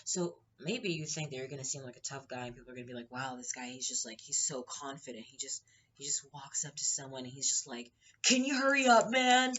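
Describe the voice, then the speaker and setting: A woman's voice: rumbling low, fast, a little hiss or hum. Heated, swearing woman telling a story. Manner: heated, profane, animated retelling with acted-out quotes. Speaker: podcast host. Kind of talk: casual storytelling monologue.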